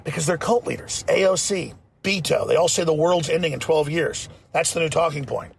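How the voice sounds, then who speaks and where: A man's voice: on the high side, fairly quick, creaky, slight background noise. A man hosting a talk show, delivering fiery, emphatic and mocking political commentary.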